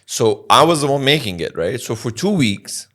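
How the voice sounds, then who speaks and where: A man's voice: mid-range voice, big pitch swings, moderate pace, fairly bright tone. A man co-hosting a podcast in casual chat, often laughing and swearing freely. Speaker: podcast co-host.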